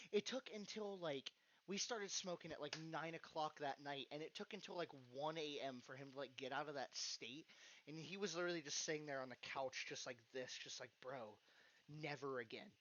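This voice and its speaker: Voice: medium pitch, fairly quick, a bit bright. A podcast host telling a story in casual chat, acting out the voices and swearing freely. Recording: dull lo-fi podcast recording.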